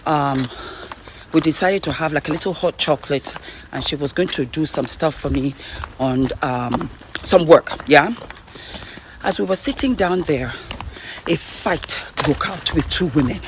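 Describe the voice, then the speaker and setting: Out of breath and shaken, a woman vlogger walks outdoors telling an excited story, stumbling over and repeating her words. Her voice is low-pitched and a little slow, with background noise behind it.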